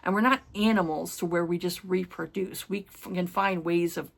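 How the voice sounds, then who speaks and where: A woman's voice: fairly low pitch, fairly even intonation, normal speed, vocal fry. A woman chatting casually about a book she loved, rambling and gushing with many fillers and read-out notes. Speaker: book reviewer. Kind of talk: casual book review chat.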